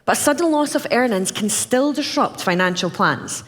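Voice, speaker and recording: A woman's voice: a little high, lively intonation, moderate pace, a bit bright. A woman with a Scottish accent giving a candid, personal conference talk. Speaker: conference speaker. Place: conference hall. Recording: reverberant hall.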